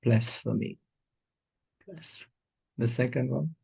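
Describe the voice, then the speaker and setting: A woman with an exceptionally low, dark voice that is husky and full of creak practices pronunciation in a lesson. She repeats each word slowly and hesitantly, testing where the stress falls. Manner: hesitant, repeats words slowly to try them out. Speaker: student.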